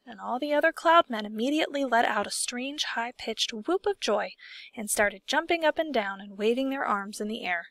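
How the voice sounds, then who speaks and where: A woman reads a children's storybook aloud with a steady, expressive delivery. Her voice sits on the higher side. The recording is dry and close, with no room sound around her. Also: moderate pace, dry recording. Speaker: audiobook reader. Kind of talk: storybook narration.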